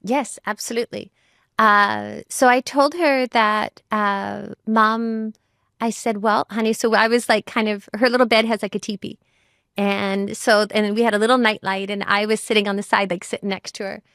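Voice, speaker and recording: A woman's voice: mid-range voice, steady tone, normal speed, fairly bright tone, smooth, no echo, studio quality. A woman who is a mother, talking as a guest in a reflective conversation, thoughtful and full of "you know" and "like" fillers.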